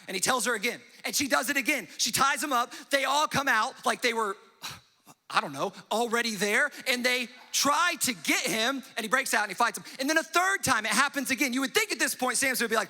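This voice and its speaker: A man's voice: very high voice, animated, pushed and bright, in a large hall. A young man preaching a sermon as a pastor, telling a story and briefly acting out its characters. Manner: storytelling with quick acted-out voices and asides. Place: church hall.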